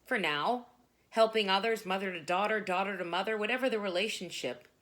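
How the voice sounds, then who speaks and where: A woman performing spoken word poetry, dramatic and emphatic, with sudden loud bursts. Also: medium pitch, fairly even intonation, fast.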